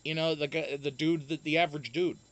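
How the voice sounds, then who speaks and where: A man with a high-ish, fairly bright voice talks a little fast with fairly even intonation. Chatting casually on a live stream, he reads viewer comments aloud and answers them, rambling and profane, with many restarts.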